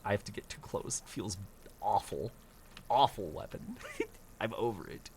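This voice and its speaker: A man's voice: on the low side, animated, unhurried, darkish tone, slight background noise. A man streaming a survival game, grumbling and swearing at his bad luck and mocking himself as he plays. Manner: grumbling, profane, self-mocking. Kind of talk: casual gameplay commentary.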